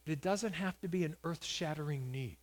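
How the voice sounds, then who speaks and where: Guy preaching a sermon, kinda high voice, gets loud and emphatic telling a story. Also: fairly quick. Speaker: pastor.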